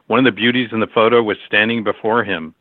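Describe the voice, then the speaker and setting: A man narrating a story in a steady, measured reading over a tinny phone-like line. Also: fairly low pitch, dry recording.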